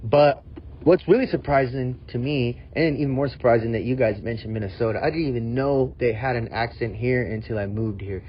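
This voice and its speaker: A man's voice: mid-range voice, a little fast, muffled recording, slight background noise. A man calling in with a recorded app voice message, hyped and jokey. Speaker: caller.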